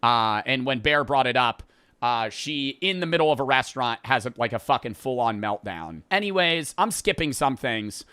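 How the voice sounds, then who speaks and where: A man's voice: mid-range voice, expressive, moderate pace, pushed and bright, smooth, dry recording. A man casually recapping a movie plot, rambling and profane, laughing as he goes. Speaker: podcast host.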